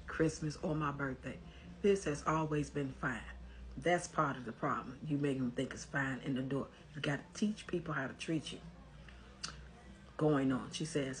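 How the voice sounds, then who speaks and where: An advice commentator, reading a post aloud and giving blunt, scolding commentary in a casual way. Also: mid-range voice.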